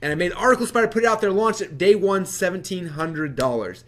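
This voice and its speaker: An energetic man speaks quickly to a live audience, his voice sitting a little higher than most men's. He tells stories with animated bursts and plenty of casual fillers, the way a seasoned presenter talks. The delivery stays quick throughout. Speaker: webinar presenter. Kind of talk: storytelling to an audience.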